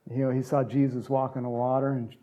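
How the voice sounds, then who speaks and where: A man's voice: medium pitch, flat delivery, quick pace, dark tone, highs cut off. A man preaching a conversational sermon as a pastor, acting out Bible characters in little voices.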